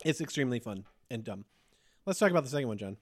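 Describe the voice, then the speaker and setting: A podcast host chats fast and casually about horror movies in a lively, mid-range voice. He laughs often as he retells scenes in this relaxed movie review talk.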